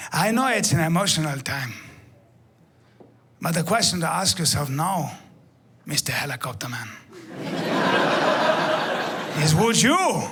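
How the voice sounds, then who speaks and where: A comedian playing a calm adult male safari guide who lectures slowly and patiently during a stand-up bit. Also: fairly high pitch, husky, heavily acted.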